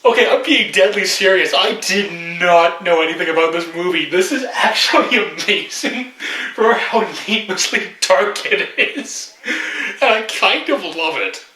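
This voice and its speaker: A man's voice: high voice, measured pace, pushed and bright. A man giving a casual, joking reaction review of a movie, sarcastic and rambling. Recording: roomy echoey room.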